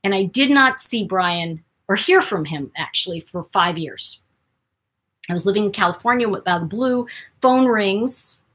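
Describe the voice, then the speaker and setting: A woman hosting her own channel, telling a personal story to camera in an animated way, jumping between loud bursts and near-whispers. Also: medium pitch, normal speed, husky. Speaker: host.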